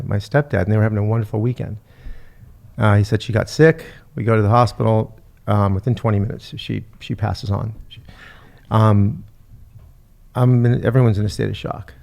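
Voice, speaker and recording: A middle-aged man, a podcast host, telling an emotional personal story in a halting way, often repeating his words. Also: fairly low pitch, creaky, darkish tone.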